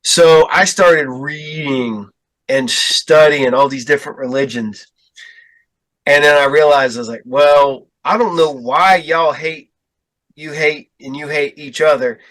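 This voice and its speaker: Guy from ohio rambling through a story, bright edgy voice, jumps way up when quoting himself. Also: unhurried. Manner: animated, acts out quotes with big pitch jumps. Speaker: podcast guest. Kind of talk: casual storytelling chat.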